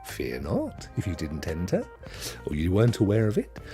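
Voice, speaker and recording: A man's voice: low voice, wildly swooping pitch, moderate pace, warm tone, faint music behind. A man hosting a live stream, chatting casually and jokingly while reading out chat messages. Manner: chatty, jokey, reads chat aloud.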